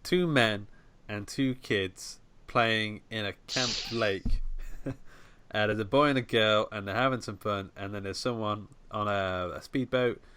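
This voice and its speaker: A man's voice: fairly low pitch, unhurried, bright, forceful tone, slight background noise. A man rambling through a casual podcast chat about a film, with many restarts and fillers. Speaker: podcast co-host.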